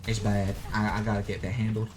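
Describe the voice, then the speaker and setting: A man's voice: lowish voice, little pitch movement, fairly quick. A young Australian man streaming a game, chatting casually and goofing around with viewers. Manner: goofy, playful, swears, sings robot noises. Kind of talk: casual gaming stream chat.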